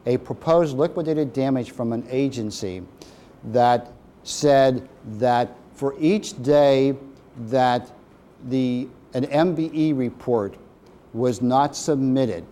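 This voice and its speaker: A man's voice: mid-range voice, mellow. A man teaching a procurement course, reading out definitions and asking the class questions. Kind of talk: classroom lecture.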